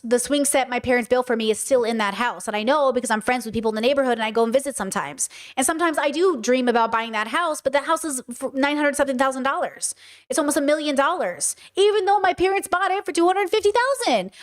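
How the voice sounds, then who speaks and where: A woman from Southern California hosting her podcast, delivering blunt, fast commentary that slips into swearing rants. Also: high voice. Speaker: podcast host. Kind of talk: casual commentary.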